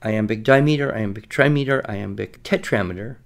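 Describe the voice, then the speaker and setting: A man co-hosting a podcast, explaining things patiently and reciting verse slowly in rhythm. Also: on the low side, gravelly. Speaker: podcast co-host teaching writing. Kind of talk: conversational teaching.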